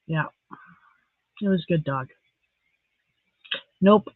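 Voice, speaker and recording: A middle-aged woman from Saskatchewan hosts a casual live stream. She chats softly and emotionally and reads viewer comments aloud. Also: on the low side, a little slow, pauses often, no room sound. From Saskatchewan, Canada. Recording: tinny phone-like dry sound.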